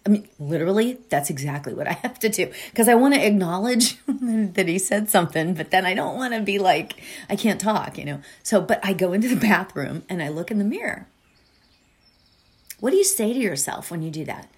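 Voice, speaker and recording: A woman's voice: mid-range voice, lively intonation, a little fast, husky. A middle-aged woman hosting a podcast, talking casually with lots of fillers and asides before leading a meditation. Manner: chatty, warm-hearted, many fillers and asides. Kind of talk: casual spoken podcast talk.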